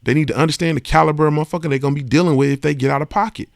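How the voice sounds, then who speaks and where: Talking very fast in a fairly high, steady voice with vocal fry, a man hosts a podcast as a casual, emphatic monologue. He swears freely and keeps asking "you understand what I'm saying." The recording is studio quality with no echo.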